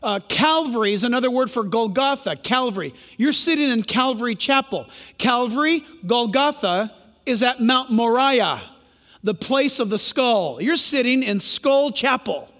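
An animated male pastor, his voice extremely high and a bit bright, delivers a sermon at a moderate pace. Speaking emphatically, he questions the congregation, and long hall reverb fills the church sanctuary.

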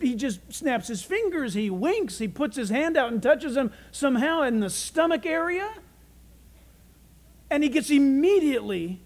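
A man preaching a sermon as a pastor, in an animated, dramatic way. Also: extremely high pitch.

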